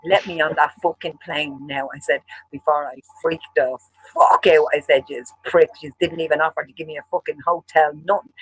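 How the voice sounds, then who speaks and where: A man with an Irish accent, co-hosting a show and telling a long story, animated and full of swearing. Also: on the high side, moderate pace, slightly rough, dry recording, rough recording. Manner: profane, animated storyteller acting out quarrels. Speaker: show co-host. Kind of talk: casual storytelling chat.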